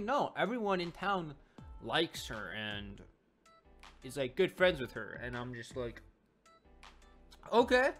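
A man casually reviewing a web comic, rambling and correcting himself as he goes. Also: on the high side. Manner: rambling, self-correcting, animated. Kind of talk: casual video commentary. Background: faint background music.

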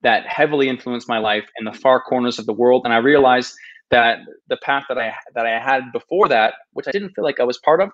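A man in his thirties tells his own story on a podcast, earnest and self-deprecating, often restarting his sentences. His voice sits at an ordinary middle pitch for a man. The recording sounds slightly dull and lo-fi. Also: fairly quick, fairly bright tone. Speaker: podcast guest, travel video maker. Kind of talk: casual storytelling interview. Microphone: podcast microphone.

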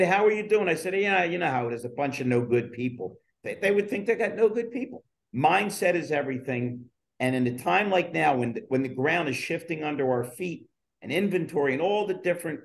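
A man's voice: on the high side, vocal fry. A middle-aged man co-hosting a casual chat, who talks in a rhetorical, coaching tone. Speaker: podcast co-host.

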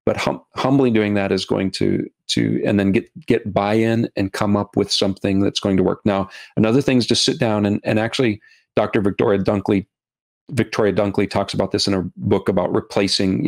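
Middle-aged male guest, low gravelly voice, earnest, halting, repeats words. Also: a little mellow. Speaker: guest, documentary filmmaker. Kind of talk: podcast interview.

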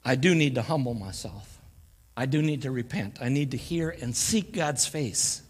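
A man's voice: medium pitch, expressive, normal speed, husky. A man preaching a folksy guest sermon in a church, mixing jokes and laughter with scripture. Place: church sanctuary. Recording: church live stream with long hall reverb.

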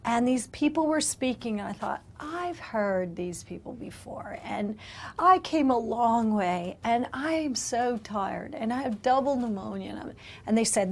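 A middle-aged woman missionary gives an emotional spoken testimony in a rather high, expressive voice, speaking unhurriedly. At tender moments she often drops into whispers.

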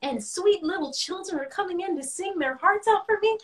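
A woman's voice: very high-pitched, lively intonation, fairly quick. A young woman co-hosting a casual phone livestream, chiming in emphatically. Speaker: livestream co-host. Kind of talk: casual chat.

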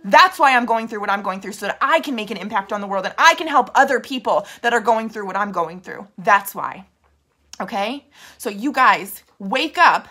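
A woman's voice: on the high side, animated, normal speed, sharp tone, husky. A woman giving an emphatic motivational pep talk to her sales team, repeating fervent affirmations. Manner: emphatic, mildly profane. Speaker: leader of a makeup sales team.

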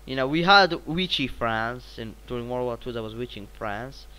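Bright-voiced excitable young gamer guy. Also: mid-range voice, normal speed, clear, resonant tone, low-quality recording. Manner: excitable, rambling, bursts of repeated exclamations. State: sick. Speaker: gaming channel host. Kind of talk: gameplay commentary.

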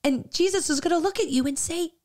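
A middle-aged woman co-hosting a faith podcast, talking in a halting, earnest way with many fillers, at times near tears. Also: extremely high pitch, a little mellow. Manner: halting, filler-heavy, growing emotional and earnest. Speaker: podcast co-host. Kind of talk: faith-based casual podcast talk.

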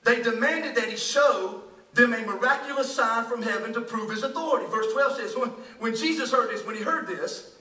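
A man with a strikingly high, piercingly bright voice delivers a sermon, pressing his points with repeated words and rhetorical asides. He sounds roomy and distant, as if captured from across an echoing church sanctuary. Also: moderate pace. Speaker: pastor. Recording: echoey church hall, voice picked up from a distance.

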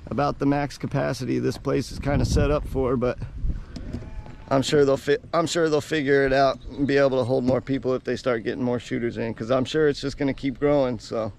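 A man's voice: mid-range voice, vocal fry, a little mellow, a little hiss or hum. A man hosting a casual vlog, talking to the camera in an easygoing, enthusiastic, plainspoken way. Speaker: vlog host.

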